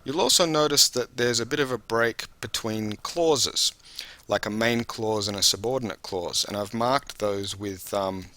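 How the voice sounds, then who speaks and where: A man's voice: medium pitch, pushed and bright, no room sound. A man teaching a video lesson on reading aloud for an English speaking test, explaining patiently and talking straight to the viewer.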